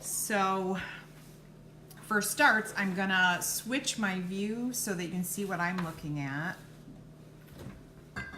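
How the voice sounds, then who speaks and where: A woman teaching a live craft tutorial, unscripted and halting, thinking aloud as she sets up and demonstrates. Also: mid-range voice, pushed and bright. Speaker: craft instructor. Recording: noisy live stream with clicking.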